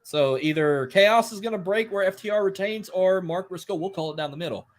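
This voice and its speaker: A man's voice: high-pitched, a little fast. A man hosting a casual wrestling podcast who jokes, swears and rambles. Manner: joking, profane, rambling. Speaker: podcast host.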